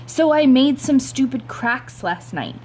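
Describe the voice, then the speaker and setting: A woman's voice: high-pitched, lively intonation, measured pace, darkish tone, slight background noise, pitched above the performer's own voice. A woman reading aloud voices a middle-aged father who mutters defensive, sarcastic complaints. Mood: grumbling.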